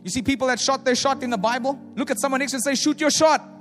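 A high-pitched male preacher delivers a sermon at a very fast pace, his voice booming through a large, echoing hall over faint background music. Full of animated energy, he mimics the voices of doubters and swings between loud proclamations and quiet asides.

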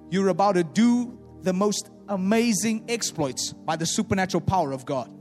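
High-voiced preacher in an echoing hall. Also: male voice, normal speed, few pauses. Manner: animated, acts out voices of doubters, swings from loud to hushed. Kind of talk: sermon. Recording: echoey hall with faint music.

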